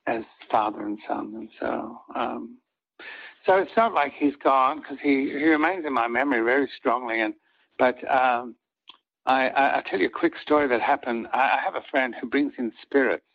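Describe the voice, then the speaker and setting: Older male actor guest, earnest halting storyteller, dull lo-fi sound. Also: medium pitch, gravelly. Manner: earnest, halting, with many restarts. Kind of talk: reflective storytelling in an interview. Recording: dull lo-fi audio.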